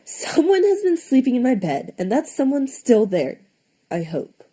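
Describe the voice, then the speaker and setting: Woman doing squealing whiny bear cub, high voice, storybook, lively. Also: measured pace, husky, exaggerated voice. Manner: squealing, wailing.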